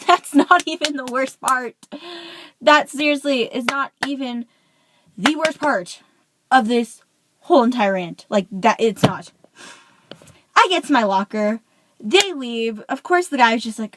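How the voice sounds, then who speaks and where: Teenage girl, vlog rant, animated, filler-heavy, slightly high voice. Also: takes it slowly, long pauses, slight background noise, low-quality recording. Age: teens. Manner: chatty, says "like" constantly, animated. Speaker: vlogger. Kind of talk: casual storytime rant.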